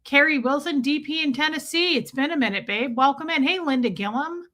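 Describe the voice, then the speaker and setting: A woman's voice: high-pitched, fairly quick, a bit bright. A woman hosting a casual livestream, chatting playfully and reading viewers' names aloud. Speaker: livestream host. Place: countryside home.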